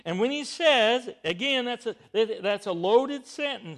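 A man's voice: very high voice, animated, unhurried, a bit bright. A man preaching a Bible teaching sermon, emphatic and stressing key words.

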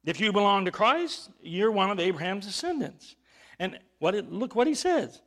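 A man's voice: high-pitched, sing-song, moderate pace, a bit bright. A male pastor preaching a sermon, emphatic, with rhetorical questions and rising bursts of volume.

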